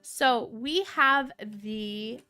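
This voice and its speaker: A woman hosting a casual livestream, sick with a cold, with a low sultry tone, gushing and reading viewer comments aloud. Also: very slow, bright, forceful tone, smooth, no room sound. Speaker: livestream host.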